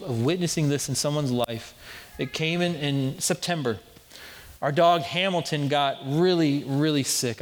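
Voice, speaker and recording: A man's voice: on the high side, big-room sound. A man in his thirties preaching a sermon as pastor, telling stories earnestly and often restarting his phrases. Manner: earnest storytelling with repeated restarts.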